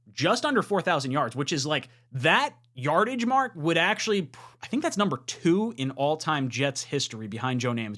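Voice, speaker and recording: A frustrated podcast host in his thirties offers casual fan commentary. His volume swings between low mutters and loud outbursts.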